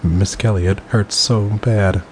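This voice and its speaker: A man voicing a submissive young woman wrestler in breathless, high, pleading tones. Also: lively intonation, moderate pace, a little mellow, a little hiss or hum. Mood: whimpering.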